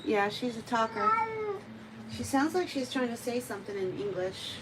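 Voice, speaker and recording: A woman's voice: fairly high pitch, expressive, moderate pace, heavy background noise. A woman cat groomer chatting on a live stream, cooing baby talk to the cat she grooms.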